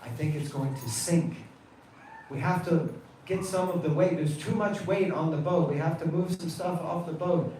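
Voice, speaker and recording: A man's voice: on the high side, normal speed, mellow, a little hiss or hum, lightly acted. A man voicing a playful young god disguised as a boatman who keeps making excuses. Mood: mock alarm. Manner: playful, mock-complaining. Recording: echoey temple hall from a distance.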